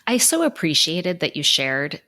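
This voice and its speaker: A woman's voice: sits low, big pitch swings, unhurried, pushed and bright. A woman podcast co-host speaking in an effusive, admiring conversational way.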